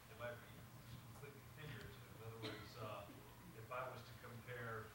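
A man's voice: lowish voice, fairly even intonation, a little fast, very noisy. A man in the class offering a thoughtful, tentative comment on the lesson. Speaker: class member. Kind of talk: asking in class. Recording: faint, echoey, far from the mic.

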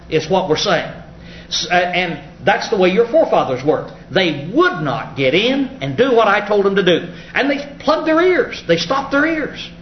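A man preaching a Bible study sermon, explaining scripture in a folksy, halting way with many filler sounds. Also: sits high. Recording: echoey, muffled room recording with faint ambient noise.

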